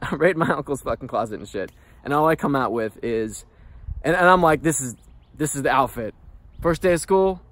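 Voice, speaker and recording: A man vlogging, telling a candid personal story in a profane, animated, rambling way. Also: medium pitch.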